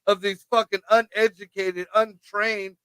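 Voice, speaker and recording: A man guesting on a casual podcast, crude and sweary, quick to laugh. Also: high voice, flat delivery, pushed and bright, clean tone, no room sound, low-quality recording.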